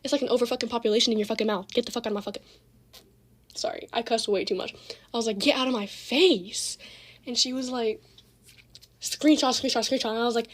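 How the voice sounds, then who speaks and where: Speaking rapid-fire in a slightly high voice, a teen girl animatedly retells some drama in a casual storytime full of slang and swearing. There's a little background noise.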